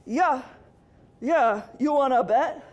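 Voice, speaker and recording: Woman doing a male devil, dim, boastful, loud, drawling dude talk. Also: high-pitched, slow, highs cut off.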